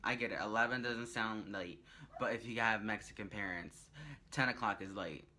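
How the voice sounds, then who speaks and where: A young man vlogging, telling a rambling story in a chatty, animated way. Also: on the low side, normal speed, slight background noise. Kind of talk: casual storytelling vlog.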